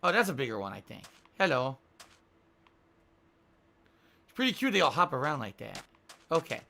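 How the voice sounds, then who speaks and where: Bright-voiced male gaming streamer. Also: mid-range voice, very animated, normal speed, vocal fry, a little hiss or hum. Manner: rambling, thinks aloud and reads out viewer tips. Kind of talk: live-stream gaming commentary.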